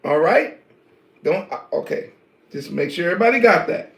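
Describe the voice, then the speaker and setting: A man teaching an online scripture lesson, animated and preacher-like, talking straight to his viewers. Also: high voice, moderate pace, gravelly, echoey room. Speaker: Bible teacher.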